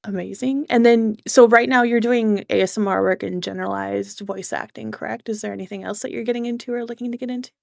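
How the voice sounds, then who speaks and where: An eager woman VTuber host asks questions in a casual, encouraging interview. Her voice slides into a gravelly fry, and the sound is dry and close to the mic. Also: medium pitch, steady tone, fast talker, hardly any pauses, darkish tone, no room sound.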